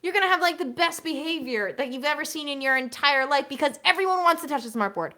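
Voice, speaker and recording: A high-pitched, fast-talking woman teaches an online workshop for elementary music teachers, lively and conversational, with occasional short songs sung as demonstrations.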